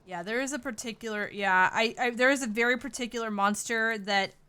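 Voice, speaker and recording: A woman's voice: fairly high pitch, fairly quick, pushed and bright, clean tone. Tired, chatty woman streaming a game. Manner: chatty, greets viewers by name, calls them sweetie. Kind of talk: casual livestream chat.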